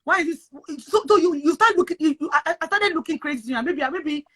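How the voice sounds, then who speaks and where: A Nigerian woman with a high-pitched voice talks in casual chat. She is emphatic and repetitive, hammering her points home like a preacher. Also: lively intonation, a little fast. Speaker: guest sharing advice on moving abroad.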